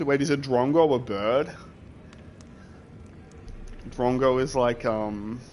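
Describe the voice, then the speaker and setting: A man's voice: mid-range voice, slight background noise. A young man chatting casually while streaming a video game, rambling and reacting to his chat with laughter and the odd swear.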